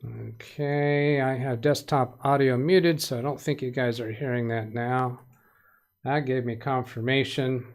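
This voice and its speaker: A man's voice: medium pitch, fairly even intonation, a little slow. A man hosting a casual tech-help live stream from a home studio, chatty, greeting viewers by name and making light puns. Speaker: livestream tech help host.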